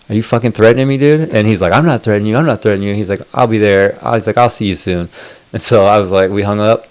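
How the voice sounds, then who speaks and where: A man's voice: lowish voice, clean tone. A man co-hosting a podcast, telling a long story in casual chat, rambling and swearing, full of fillers. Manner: rambling, profane, lots of fillers. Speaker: podcast co-host.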